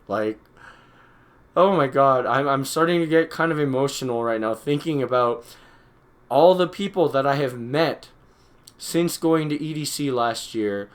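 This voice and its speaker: A man's voice: a little high, fairly bright tone. A young man from Utah, a DJ hosting a live stream, rambling through a story in casual chat, full of "like" and "you know".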